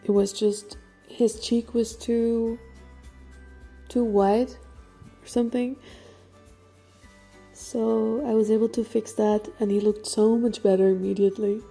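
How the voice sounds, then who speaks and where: A young Dutch woman, a native Dutch speaker, talks casually through a studio vlog about her painting. Her voice is mellow and soft-edged, and she fills her talk with "like" and small laughs. She sounds slightly out of breath. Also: a little high, little pitch movement, takes it slowly, vocal fry, pauses often, slightly rough, faint music behind. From Netherlands. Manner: chatty, filler-heavy, laughs often. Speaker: portrait painter.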